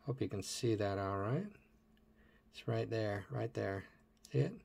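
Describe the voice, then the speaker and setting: Husky-voiced man musing over toy cars. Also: on the low side, a little slow, darkish tone. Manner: chatty and musing aloud, asking viewers questions. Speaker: toy car collector showing his collection. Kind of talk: casual hands-on show-and-tell.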